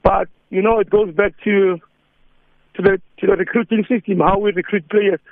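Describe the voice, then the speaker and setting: A man's voice: high voice, steady tone, normal speed, no echo. A man with a South African accent, a football coach on a phone interview, mixing English and isiZulu with easy laughter. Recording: tinny phone line.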